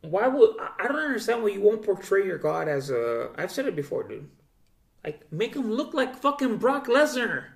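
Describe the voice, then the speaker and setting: A man's voice: high-pitched, big pitch swings, normal speed, creaky. A man hosting a casual podcast chat, loose and profane, saying "dude" constantly. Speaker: podcast host. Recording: roomy echo.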